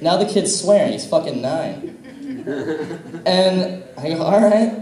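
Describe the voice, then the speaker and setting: A man's voice: high voice, animated, normal speed, dark tone. A young man from the American Midwest performing a stand-up set in a comedy club, telling crude stories and acting out dialogue. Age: young adult. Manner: casual, crude storytelling with acted-out dialogue. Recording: echoey room, mic heard from a distance.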